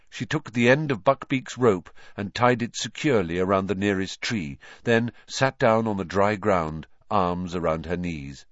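A man reading a children's novel aloud as narrator, in an expressive, animated storytelling manner. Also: sits low, unhurried, hardly any pauses, dry recording, dull audio. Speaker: audiobook narrator.

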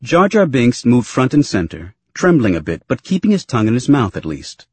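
A man's voice: mid-range voice, wildly swooping pitch, normal speed, a little mellow, husky, dry recording. A man reading an audiobook aloud as narrator, telling the story expressively. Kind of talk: scripted narration.

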